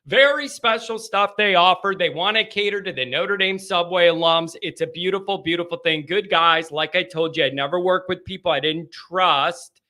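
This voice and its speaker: A man's voice: high voice, normal speed, sharp tone. A man hosting a live sports call-in show, chatting casually with rambling asides, laughter and self-interruptions.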